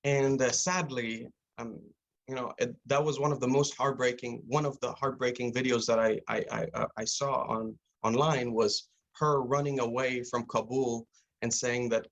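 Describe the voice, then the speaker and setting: A man's voice: medium pitch, steady tone, normal speed, vocal fry, a bit bright, muffled recording. A young man from Afghanistan, an actor answering interview questions over a video call, often restarting his sentences and filling with "you know". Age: young adult. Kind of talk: remote interview, casual conversation.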